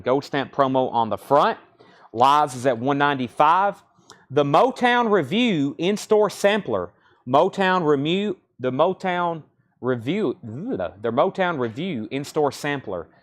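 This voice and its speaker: A man hosting a live-streamed record sale, reading out titles, prices and bids in brisk auctioneer-style calls. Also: mid-range voice. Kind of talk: live-stream sales patter.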